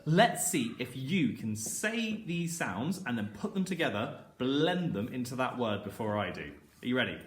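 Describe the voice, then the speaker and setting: A man teaching a phonics lesson to young children, slowly sounding out words and encouraging them. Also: mid-range voice, very animated, echoey room, a little hiss or hum. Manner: slow, sounding out words letter by letter. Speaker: primary school teacher.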